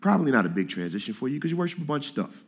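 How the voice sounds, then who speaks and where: A man preaching a sermon to a congregation in a lively, conversational way, reading scripture and speaking in casual slang. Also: mid-range voice, very fast, husky. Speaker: pastor. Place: church hall with congregation.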